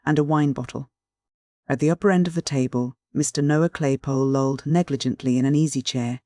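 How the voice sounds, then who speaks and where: A man narrating a classic novel as an audiobook in a measured, even storytelling manner. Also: fairly high pitch, no room sound, clean studio sound.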